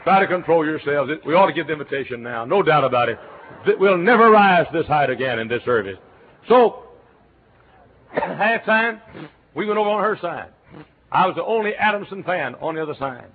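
An older man with a Texan accent preaching a sermon, telling folksy stories and breaking into loud shouts. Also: on the high side, animated, normal speed. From Texas. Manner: folksy storytelling, bursts into loud cheers and shouts. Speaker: Baptist pastor. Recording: tinny lo-fi sermon recording with faint hiss.

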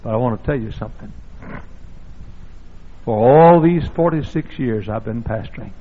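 An older man from the South, a pastor, preaching a sermon, husky and gravelly, and now and then breaking into sudden loud shouts. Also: mid-range voice, moderate pace. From American South. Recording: dull lo-fi sermon recording.

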